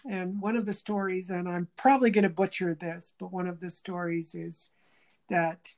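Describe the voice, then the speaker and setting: Animated woman acting out quoted speech. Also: fairly low pitch, moderate pace. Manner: animated storyteller who acts out quoted speech; thinks aloud with frequent restarts. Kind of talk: casual conversational interview.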